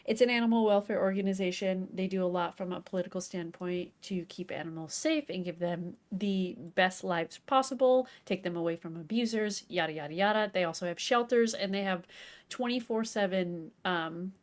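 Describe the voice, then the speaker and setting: A woman's voice: mid-range voice, normal speed. Bubbly, giggly woman co-host. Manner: bubbly, giggly, rambling storyteller. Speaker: podcast co-host. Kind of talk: casual chat.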